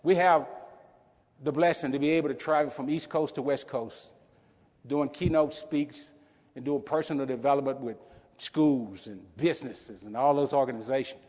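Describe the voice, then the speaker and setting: A man's voice: medium pitch, moderate pace. A middle-aged man giving a motivational keynote speech, telling stories with feeling and repeating key phrases. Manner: emotional storytelling with repeated phrases. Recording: reverberant hall, dull sound.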